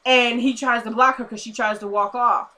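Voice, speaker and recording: A young woman recapping a TV episode in casual chat, animated and talking straight to her viewers. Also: a little high, normal speed. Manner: chatty, animated, addresses viewers as y'all. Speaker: TV episode reviewer.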